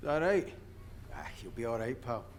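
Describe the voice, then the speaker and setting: An actor playing a gruff, hot-tempered Scottish electrician on an oil rig in a video game, with a gravelly, sweary way of talking. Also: male voice, medium pitch, big pitch swings, moderate pace, slight background noise, close to an everyday voice. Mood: wry. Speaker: game character.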